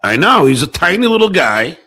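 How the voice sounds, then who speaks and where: A man's voice: a little high, big pitch swings, brisk, pushed and bright. A man on a live stream talking through an incident, thinking aloud with hesitant, profane asides. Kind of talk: casual crude banter.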